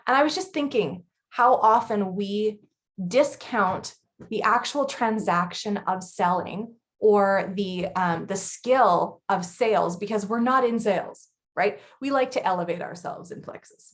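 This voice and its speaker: A woman in her thirties co-hosting a casual chat, blunt and chatty with quick laughs. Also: medium pitch. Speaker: podcast co-host.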